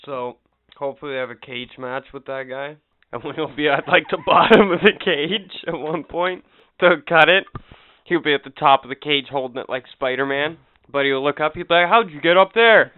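Deadpan joking man on a tinny line. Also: a little high, moderate pace, clear, resonant tone, no room sound. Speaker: podcast co-host. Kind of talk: crude casual chat.

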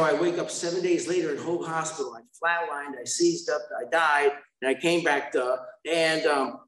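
A man's voice: fairly high pitch, a bit bright, echoey room, low-quality recording. Man telling a rambling recovery story. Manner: rambling, self-mocking storytelling with asides to the audience. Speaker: speaker sharing a recovery story. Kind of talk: recovery meeting share.

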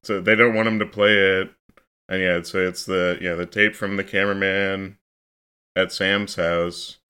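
A man with a lowish, smooth and clear voice walks through a movie's plot on a casual podcast. He talks steadily, scene by scene, with easy fillers. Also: level tone, unhurried, sharp tone. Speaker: podcast co-host.

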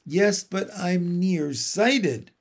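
A kindly, refined lady spider from a storybook speaks in a gentle, composed way, as a man reads her. The delivery is slow and fairly high, with a gravelly texture. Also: lively intonation, exaggerated voice. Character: kindly refined female spider, wise and calm.

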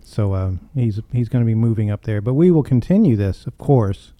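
A man's voice: medium pitch, lively intonation, normal speed, no room sound, dull audio. A young man with a Texan accent hosting a casual podcast chat, asking lots of questions. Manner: curious, asks many questions. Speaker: podcast host.

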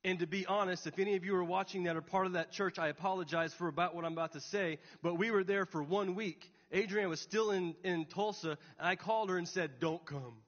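A man's voice: high-pitched, steady tone, fast, few pauses, fairly bright tone. A young adult man, a pastor, telling a personal story in an earnest sermon. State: tearful. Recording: dull recording, long hall reverb.

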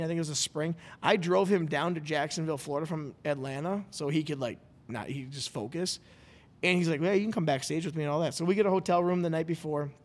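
A man hosting a podcast, telling a story in a rambling, animated way and acting out what people said. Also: a little high. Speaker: podcast host. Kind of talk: casual storytelling chat. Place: studio.

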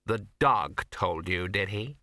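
A man voicing a fiery, paranoid young actress, speaking quickly with anguish and a sharp edge. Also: medium pitch, lively intonation, no room sound, clean studio sound, pitched above the performer's own voice. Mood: anxious.

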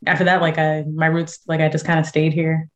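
A chatty young woman from San Diego talks through her music in a relaxed interview. Her speaking voice sits low, and she leans on fillers and quick laughs as she goes. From San Diego, USA. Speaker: guest musician and actress. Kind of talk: casual interview chat.

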